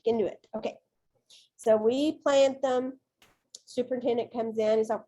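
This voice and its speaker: A woman teacher presenting at a conference, telling classroom stories in a chatty, folksy, expressive way. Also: on the high side, normal speed, pauses often. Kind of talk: animated classroom storytelling.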